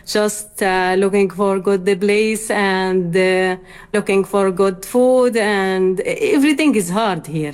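A woman from Gaza answers interview questions slowly, pausing with "uh" as she searches for words. Her voice has an ordinary middle pitch and an unhurried pace. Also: a little mellow. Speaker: interviewee, graphic designer. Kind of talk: interview talk.

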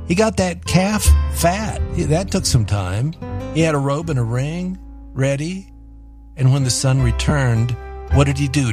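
A man hosts a devotional talk in an earnest, reflective way, weaving in scripture. Music plays clearly under his voice. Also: medium pitch. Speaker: host.

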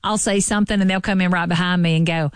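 A woman from rural Alabama with a strong Southern twang, chatting as a radio co-host, lively and quick to laugh. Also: fairly low pitch, clear, resonant tone, no echo, studio quality. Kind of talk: casual radio banter.

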